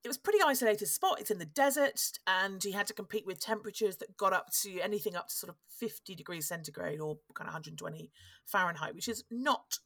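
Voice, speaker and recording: A woman's voice: medium pitch, quick pace, fairly bright tone, dry recording, studio quality. A woman, hosting a podcast and telling a history story in a chatty, wry way that often breaks off and restarts. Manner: chatty, wry, self-interrupting. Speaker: podcast host. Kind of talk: casual storytelling chat.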